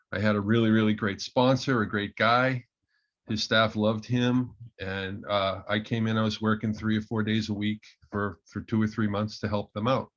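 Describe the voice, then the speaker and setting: A man's voice: lowish voice, fairly bright tone, highs cut off. A man presenting as an agile coach, telling a story in a hesitant way with many ums and restarts. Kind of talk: storytelling talk at an online meetup.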